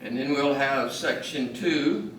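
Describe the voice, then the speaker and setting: A man's voice: medium pitch, slow, fairly bright tone, reverberant, far from the mic, a little hiss or hum, low-quality recording. A man teaching a Bible study to a small class in a casual, conversational way, often restarting sentences and asking the group questions.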